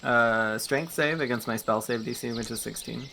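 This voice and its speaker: A man's voice: medium pitch, normal speed, gravelly, pushed and bright, a little hiss or hum. A man playing in a tabletop game, eagerly calling out his spells and rolls. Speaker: player. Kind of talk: casual tabletop game play.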